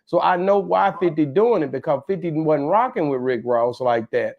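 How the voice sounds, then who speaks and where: A man with a slightly high voice talks easygoing and unhurried, restarting his sentences as he thinks them through. The audio is a bit dull and lo-fi. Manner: relaxed, hesitant with repeated starts. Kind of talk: casual chat.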